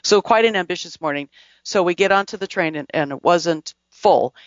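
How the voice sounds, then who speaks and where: A podcast host with a high-sitting voice rambles casually through travel stories and news items at normal speed, restarting and going off on asides. The lo-fi recording is dull and dry, with no echo.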